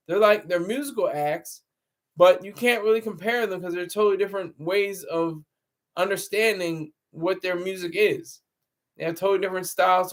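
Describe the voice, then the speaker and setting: A man hosting a casual livestream, rambling, laughing often and answering his chat through a laptop mic. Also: high-pitched. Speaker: livestream host. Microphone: laptop camera mic.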